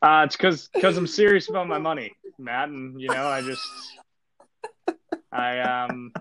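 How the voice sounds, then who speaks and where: A man co-hosting a casual sports podcast, talking in a laid-back, rambling way with lots of fillers and deadpan jokes. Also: medium pitch, unhurried. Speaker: podcast co-host.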